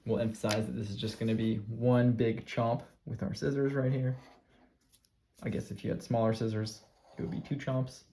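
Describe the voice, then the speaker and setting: A man teacher giving a calm, step-by-step classroom craft demonstration, repeating his cues. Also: mid-range voice, moderate pace, noisy background.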